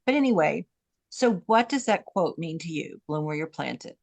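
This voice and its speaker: A woman's voice: low-pitched, animated, normal speed, creaky, darkish tone. A woman hosting a podcast, chatting casually and asking her guest questions. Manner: friendly, asks questions. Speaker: podcast host. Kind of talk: casual interview.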